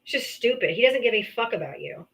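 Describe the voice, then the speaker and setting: A woman's voice: on the high side, lively intonation, quick pace, vocal fry, fairly bright tone, poor audio. Blunt, profane woman livestream host. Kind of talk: heated political call-in debate.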